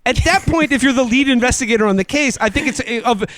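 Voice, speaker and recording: A man's voice: very high voice, fast, fairly bright tone, dry recording. A man co-hosting a podcast, recapping a film in a wry, incredulous casual way. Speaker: podcast co-host. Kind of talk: casual comedic film review.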